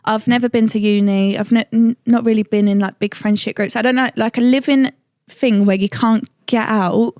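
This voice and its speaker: Woman guest, talks straight and fast with lots of "like", voice sits a bit high, very dry close mic. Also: fairly even intonation, a little mellow, dry recording. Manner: direct, chatty, lots of filler "like". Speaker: podcast guest. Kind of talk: casual podcast chat.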